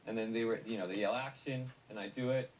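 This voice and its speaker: A man's voice: on the low side, fairly even intonation, fast. A young adult man, an actor guest in a casual interview, rambling with many fillers and restarts. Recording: distant mic with faint noise.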